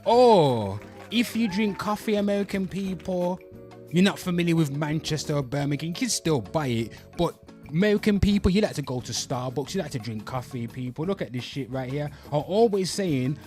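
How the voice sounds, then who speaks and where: A man's voice: fairly high pitch, animated, normal speed, darkish tone, soft background music. A young man hosting his channel in a brash, crude, repetitive way, hyping merchandise and calling out to viewers. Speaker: host. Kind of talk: brash comedic channel talk.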